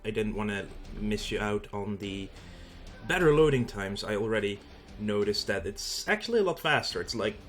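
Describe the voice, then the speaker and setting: A man with a Dutch accent and a fairly low voice talks through a strategy game as a let's play host. He explains things casually, with plenty of ums and uhs. Soft music plays faintly behind him. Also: animated, moderate pace. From Netherlands. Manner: casual, explanatory, with frequent fillers. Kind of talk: gameplay commentary.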